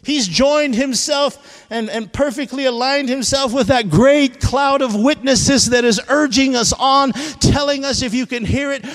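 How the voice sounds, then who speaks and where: High-pitched preacher man in a reverberant hall. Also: a little slow. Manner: impassioned preaching, swings from shouting to hushed. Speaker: pastor. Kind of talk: sermon.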